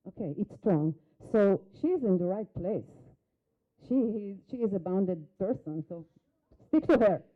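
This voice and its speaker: A woman whose first language is Hebrew runs a hands-on workshop demo. She guides a volunteer with brisk prompts and direct questions, at a middle pitch. The audio is thin and tinny, like a phone line in a conference hall. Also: animated. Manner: coaching, short instructions and questions to a volunteer. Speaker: workshop facilitator. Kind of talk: live workshop demonstration.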